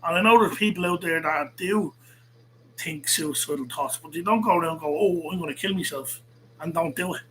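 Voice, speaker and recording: Profane ranting man, slightly high voice. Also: a little fast, a bit bright, slight background noise, rough recording. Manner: heated, profane, repeats himself. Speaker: podcast host. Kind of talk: angry ranting monologue.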